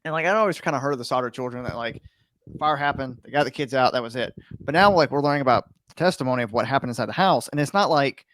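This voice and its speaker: A man's voice: medium pitch, fast talker, a bit bright, dry recording. A man hosting a podcast, chatting casually with plenty of filler words. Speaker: podcast host. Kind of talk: casual chat.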